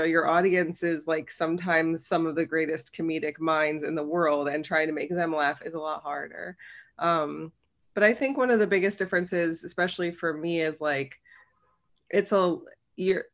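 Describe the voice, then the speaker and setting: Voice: mid-range voice, fairly bright tone. A comedy writer from Cincinnati answering interview questions in a chatty, self-deprecating way, laughing now and then. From Cincinnati, United States.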